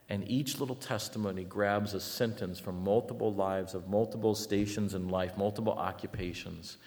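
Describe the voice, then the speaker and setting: Gravelly-voiced preacher in an echoing hall. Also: male voice, on the low side, moderate pace, few pauses. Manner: animated storytelling, swings from loud to hushed. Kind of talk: sermon. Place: church sanctuary. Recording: long reverb of a large hall.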